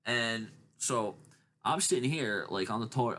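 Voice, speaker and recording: A man telling long rambling stories in casual chat, acting out other people's lines in high voices. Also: animated, a little fast, a bit bright, slight background noise. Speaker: podcast host.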